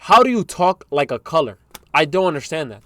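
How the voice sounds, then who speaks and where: A man's voice: fairly high pitch, very animated, brisk, fairly bright tone, no echo. A man hosting a reaction video, giving casual, slangy commentary on clips he plays.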